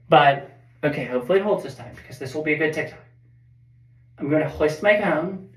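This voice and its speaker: A woman giving a casual, rambling, fired-up baseball recap as host of a fan show. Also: deep voice. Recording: echoey room.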